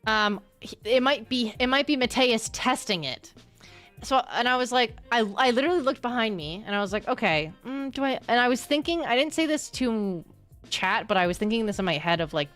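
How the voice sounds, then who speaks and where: Bubbly, lively young woman streamer. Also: a little high, moderate pace, faint music behind. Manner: bubbly, laughs often, talks back to chat. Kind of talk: casual livestream chat while gaming.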